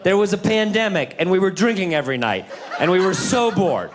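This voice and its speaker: Animated stand-up man, laughing crowd. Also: brisk, noisy background. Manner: animated, jumps into loud high-pitched kid and teacher voices. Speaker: stand-up comedian. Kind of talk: stand-up comedy set. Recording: live in a theater with crowd laughter.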